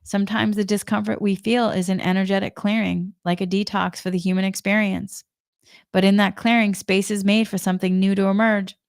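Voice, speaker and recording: A woman's voice: medium pitch, little pitch movement, fairly quick, clean tone, dry recording, studio quality. A woman giving a spiritual energy talk in a chatty way, telling a personal story and laughing often. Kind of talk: casual spoken monologue.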